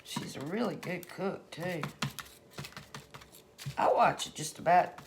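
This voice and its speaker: A middle-aged woman talks her viewers through a recipe in her home kitchen, calling them y'all in a relaxed, folksy way. Her voice sits a bit low and she speaks slowly. There is clear background noise in the recording. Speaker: home cooking channel host. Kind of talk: casual cooking vlog chat.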